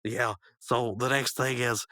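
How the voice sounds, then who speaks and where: Man, casual podcast recap, rambling, bright tone, dry close mic. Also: mid-range voice, measured pace, no echo. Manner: rambling, animated, acts out quotes. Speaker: podcast co-host.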